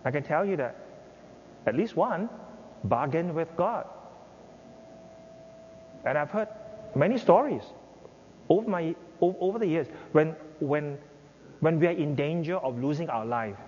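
A man's voice: lively intonation, a little slow, pauses often, darkish tone. An older man preaching a sermon as pastor, acting out pleading prayers in an impassioned voice. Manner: impassioned, acts out prayers with rising pitch. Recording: dull reverberant hall with faint noise.

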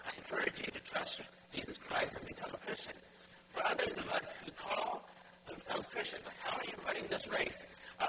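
A man preaching a sermon as pastor, putting direct, repeated questions to his congregation. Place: church. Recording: loud background noise.

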